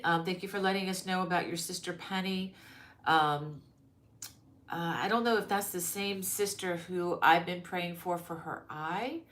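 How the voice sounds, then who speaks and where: A woman's voice: fairly low pitch, fairly bright tone. A middle-aged woman hosting a crochet live stream, chatting casually and greeting viewers by name with many ums. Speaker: crochet channel host. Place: her mother-in-law's home.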